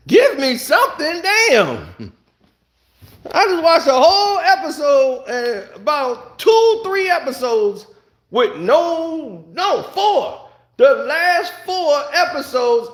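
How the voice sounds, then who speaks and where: A man with a high, lively voice rants about a TV series at an unhurried pace, laughing often and slipping into other people's voices. His voice rings out in an echoey room. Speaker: TV review vlogger. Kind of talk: casual comedic review rant.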